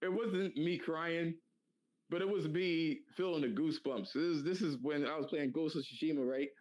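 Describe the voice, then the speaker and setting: Man, slightly high voice, slangy podcast chat, animated, lots of fillers. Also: normal speed, rough recording. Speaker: podcast co-host. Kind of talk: casual chat.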